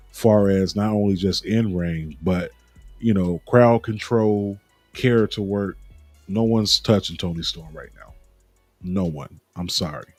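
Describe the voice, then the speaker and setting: Low-voiced man hosting wrestling talk. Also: darkish tone, breathy edge, dry recording. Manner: joking, laughs at his own flubs. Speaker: podcast host.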